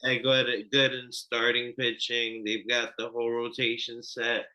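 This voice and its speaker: A man's voice: mid-range voice, completely flat delivery, measured pace, sharp tone, dull audio. A man co-hosting a sports betting podcast, talking loosely and with swearing, repeating points as he goes. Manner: loose, profane, repeats himself. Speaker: podcast co-host. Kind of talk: casual sports betting chat.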